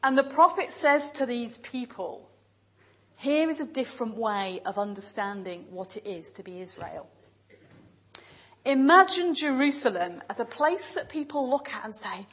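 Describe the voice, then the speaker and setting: Husky-voiced woman preaching a sermon. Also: on the high side, expressive, rough recording. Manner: measured, emphatic lists with pauses. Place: church.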